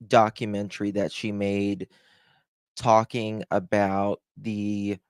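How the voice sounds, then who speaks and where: A man's voice: lowish voice, clear, resonant tone, dry recording. A man hosting a true crime live stream from his room at home, casually greeting viewers one by one and calling them honey and sweetheart. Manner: greets viewers by name with pet names. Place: room at home with blinds closed.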